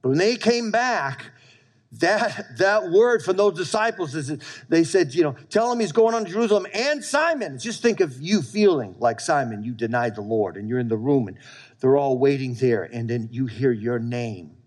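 A man's voice: mid-range voice, moderate pace, darkish tone. A man preaching a sermon to his church, emphatic and repetitive, often asking the congregation for an amen. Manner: emphatic preaching, repeating lines and calling for amens. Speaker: pastor.

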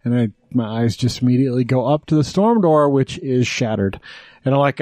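Swearing animated male podcast co-host. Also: medium pitch, a little fast, no room sound. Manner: swears freely, animated storytelling. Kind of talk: casual chat.

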